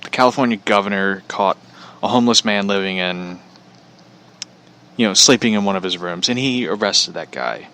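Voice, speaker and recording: A man's voice: lowish voice, moderate pace, bright, forceful tone, clean tone. A man from Missouri hosting a podcast, ranting casually in a blunt, profane, rambling way. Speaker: podcast host. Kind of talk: casual rant.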